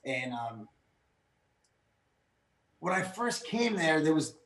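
A man in his thirties telling stories in casual chat, animated and rambling with lots of fillers. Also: a little high, takes it slowly, creaky. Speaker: podcast guest. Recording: echoey room.

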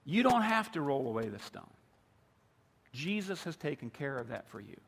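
A man's voice: medium pitch, very animated, normal speed, gravelly, husky. A male pastor preaching a sermon, building with emphatic repetition. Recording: long hall reverb.

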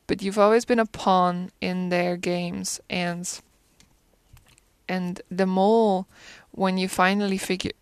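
A woman's voice: mid-range voice, smooth, no echo. A woman chatting casually about a film, thinking aloud, asking herself questions and often restarting as she searches for words. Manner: reflective, asks rhetorical questions. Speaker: film commentator. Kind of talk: casual musing chat.

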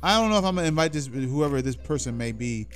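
A man co-hosting a podcast in casual chat, animated and stammering, repeating his words. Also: mid-range voice, fast, faint music behind. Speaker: podcast co-host.

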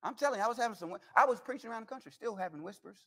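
High-voiced man preaching a folksy sermon. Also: lively intonation, very fast, pushed and bright. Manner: folksy, humorous storytelling with quoted voices. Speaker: guest preacher. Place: church sanctuary.

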